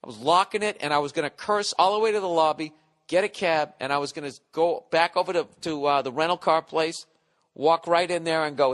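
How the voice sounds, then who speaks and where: Speaking briskly in a slightly bright voice on the high side, a man hosts a podcast and launches into a profane comedic tale. He rants, swears nonstop, and performs his own outbursts, with a long reverb tail behind him.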